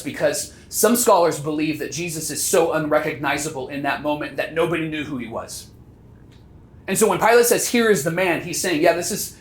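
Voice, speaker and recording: A man's voice: a little high, fairly bright tone, reverberant. A man pastor preaching a sermon earnestly, stirring listeners with rhetorical questions. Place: church sanctuary.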